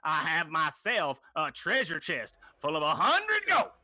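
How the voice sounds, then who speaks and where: A man voicing an odd old man who drifts along beside the party, in a slow, strained, gravelly drawl. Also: mid-range voice, very animated, sharp tone, no echo. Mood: rambling.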